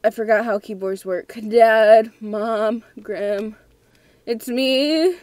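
A woman's voice: on the high side, slow pace, a little mellow, dry recording. A young woman playing a scary game at home, talking nervously and giggling to herself. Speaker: gamer. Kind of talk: let's play commentary.

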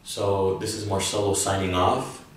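Male language teacher, casual and filler-heavy, low slow delivery, distant and echoey recording with a faint room hum. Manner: relaxed, lots of fillers, acts out examples with exclamations. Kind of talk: casual online lesson. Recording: very echoey room, mic far off.

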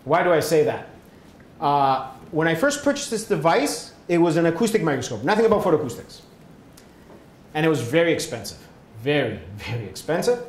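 A man's voice: sing-song, fairly quick. Lecturing man, echoey hall. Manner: explanatory, frequent "right?" and "okay?" check-ins. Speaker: science lecturer. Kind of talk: public science lecture. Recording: echoey hall, faint rumble.

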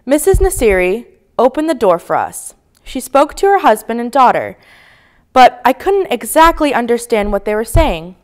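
A woman reading a children's book aloud with expressive, sing-song narration. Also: on the high side, moderate pace. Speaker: storybook reader.

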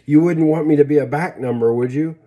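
A man's voice: on the high side, a little fast, warm tone, dull audio, close to an everyday voice. A man voicing a cheerful, eager sixteen-year-old girl in a read-aloud story. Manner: eager, coaxing.

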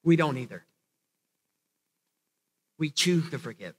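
A man's voice: high voice, normal speed, sharp tone. A man preaching a sermon as pastor, earnest, often restarting and repeating phrases, building to emphatic peaks. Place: church hall. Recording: long church hall reverb.

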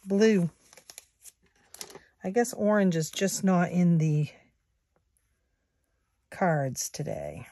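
At home, a woman in her sixties works through savings challenges for her vlog, speaking softly, slowly and with animation to viewers she calls "guys." Her pitch is fairly low; the phone or camera close on a table adds a little hiss or hum.

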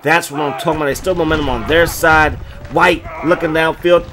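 A man calling his own football video game like a sportscaster, with play-by-play that jumps into loud, excited bursts on big plays. His voice sits a touch above the usual male range. Faint background noise runs under it. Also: fairly high pitch, a little fast.

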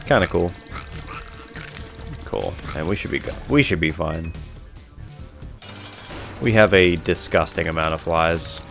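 A man's voice: sits low, unhurried, vocal fry, pauses often, fairly bright tone, faint music behind. A young man casually commenting on his own gameplay, rambling, correcting himself and laughing often, on a headset mic. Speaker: gaming video host.

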